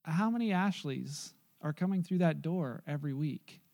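A man with a notably high voice preaches a sermon, weaving in storytelling. He swings from loud, eager bursts to quiet, hushed moments as he speaks. The delivery is animated and earnest. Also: normal speed, vocal fry. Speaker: pastor.

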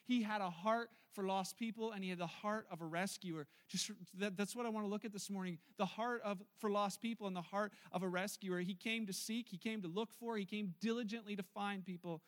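A man preaching a sermon as pastor, telling stories and acting out what people say in a lively way. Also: sits high, a little fast, hardly any pauses. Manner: lively storytelling, acting out quotes.

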